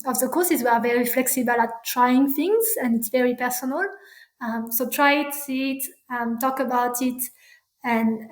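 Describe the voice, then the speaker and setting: A woman with a French accent speaks in a high, bright register. She answers an interviewer's questions hesitantly, restarting her sentences and filling gaps with ums. Her voice rings in a noticeably echoey room. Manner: halting, many fillers and restarts. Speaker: parental burnout practitioner, guest.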